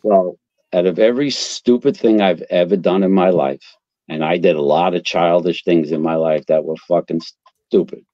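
Low, gravelly New man telling stories. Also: moderate pace, no echo, lo-fi sound. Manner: animated, profane, acts out quotes. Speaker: guest, fire captain. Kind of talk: casual storytelling.

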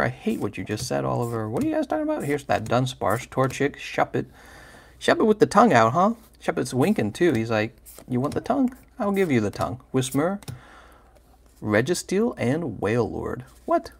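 A man's voice: medium pitch, gravelly. A man hosting a livestream, chatting casually and playfully while opening trading card packs and teasing viewers by name.

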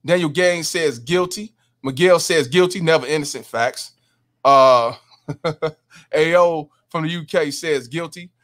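Guy running a livestream, kinda high voice, reads chat names and keeps saying hundred percent. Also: measured pace, a bit bright. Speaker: livestream host. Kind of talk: casual livestream chat reading comments.

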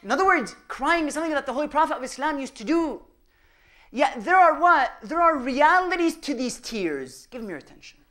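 A man giving a religious lecture, firing rhetorical questions at the audience and swinging between loud emphasis and hushed asides. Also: extremely high pitch, big pitch swings, fairly quick. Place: mosque or Islamic center hall.

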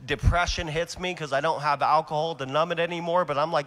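Male preacher, earnest testimony, loud then hushed, slightly high-pitched, conference hall with long reverb. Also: brisk. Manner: earnest, animated storytelling with sudden shifts between loud and hushed.

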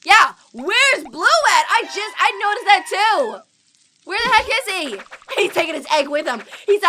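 A woman giving excitable, chatty reaction commentary while watching an animation. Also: very high-pitched, measured pace, background noise. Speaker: reaction video host.

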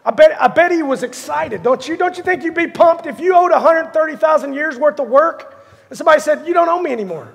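A man's voice: very high-pitched, brisk, gravelly, in a large hall, highs cut off. A man preaching a sermon as pastor, telling a story animatedly and acting out the characters. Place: church sanctuary.

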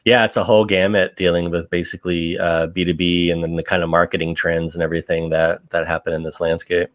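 Male guest, deep voice, easygoing and hesitant, dry recording. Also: level tone, fast, dry recording. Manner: easygoing, hesitant, full of fillers. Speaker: podcast guest, video editor. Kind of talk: casual chat.

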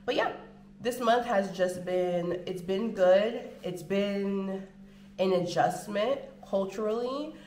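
A woman's voice: medium pitch, a little hiss or hum. Chatty American woman in an echoey room. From United States. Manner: chatty, animated, drawn-out filler words. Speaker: vlogger. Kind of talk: casual chat to camera. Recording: roomy home room echo.

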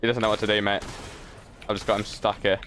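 A man chatting casually while playing a shooter game, excitable, swearing and laughing often. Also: lowish voice, fast talker, a little hiss or hum. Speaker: gamer. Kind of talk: casual gaming chat.

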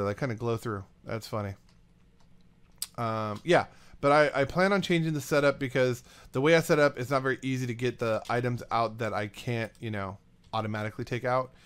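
Excitable man narrating his gameplay. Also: mid-range voice, smooth. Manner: excitable, rambling, talks to game items. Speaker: let's play host. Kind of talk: casual gameplay commentary.

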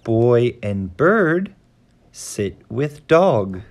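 A man reading a simple children's story aloud for English learners, in a clear and expressive way. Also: mid-range voice, extremely slow. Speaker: host of an English learning channel.

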